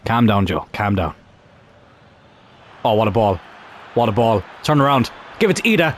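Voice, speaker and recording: A young man commentating on his own football video game career, calm one moment and shouting the next. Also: fairly low pitch, normal speed, long pauses, a little hiss or hum. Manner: excitable, shouts at big moments. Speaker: gaming YouTuber.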